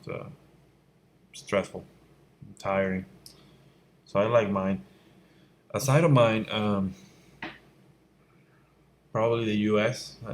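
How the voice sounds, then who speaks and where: A man's voice: lowish voice, a little hiss or hum. A middle-aged man from Venezuela, a visual effects instructor answering viewer questions at home at night in a candid, blunt way that turns emphatic. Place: room at home at night by a window. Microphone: fixed mic, voice fades when he turns away.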